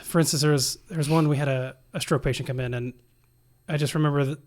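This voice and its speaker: A young man with a fairly high voice tells a story from his work as a nurse. He talks animatedly and slips into the voices of the people in it. The setting is a relaxed podcast interview. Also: fast talker. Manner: animated storyteller acting out dialogue. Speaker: nurse and guest.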